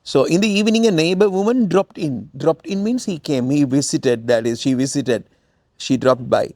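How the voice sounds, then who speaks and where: A man's voice: on the high side, normal speed, darkish tone, dry recording, studio quality. Sri Lankan man teaching English vocabulary. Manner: explains words with repetition, switching into acted dialogue. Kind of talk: spoken English lesson explaining a story.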